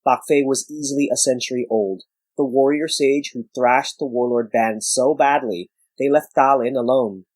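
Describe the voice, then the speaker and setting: A man's voice: medium pitch, steady tone, moderate pace, darkish tone, dry recording, poor audio. Man narrating a story, dry close sound. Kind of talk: scripted audiobook narration.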